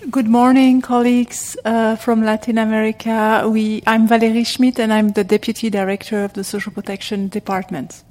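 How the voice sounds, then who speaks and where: A woman with a higher, even-toned voice gives a brief, polite introduction as deputy director. She keeps her delivery short and level. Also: moderate pace, hardly any pauses. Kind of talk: online meeting introduction.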